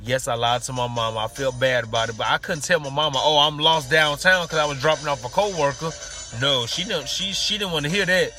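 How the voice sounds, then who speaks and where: A man casually telling a comic personal story, animated and acting out the people in it. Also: medium pitch, quick pace, soft background music.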